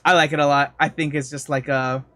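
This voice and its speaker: A man's voice: fairly high pitch, little pitch movement, fairly quick, a bit bright, dry recording, clean studio sound. A man co-hosting a podcast in casual chat, rambling with fillers as he recommends songs. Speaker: podcast co-host.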